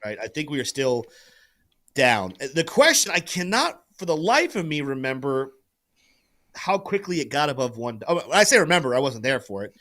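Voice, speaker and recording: A man's voice: mid-range voice, moderate pace. A man hosting a livestream crypto show, giving market commentary and urging viewers to like and join. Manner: animated, salesy, pushes viewers to like and join.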